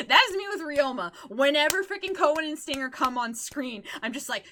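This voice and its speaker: A woman streaming live, chatting casually about her favorite characters in an excitable, giggly, rambling way, often breaking into squeals. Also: high voice, unhurried.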